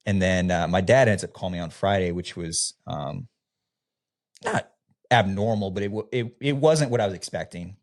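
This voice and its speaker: A man's voice: low-pitched, normal speed. A man from the American Midwest, a former youth pastor, telling his personal story as a podcast guest in a casual, candid way, with frequent fillers as he acts out the dialogue he is recalling. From Midwestern United States. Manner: casual, relaxed, with frequent fillers, often acting out quoted dialogue.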